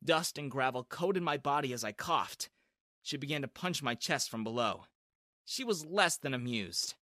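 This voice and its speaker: Brief: male story narrator, bright and lively, dry close sound. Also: mid-range voice, moderate pace, no room sound. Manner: lively, expressive reading. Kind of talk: first-person story narration.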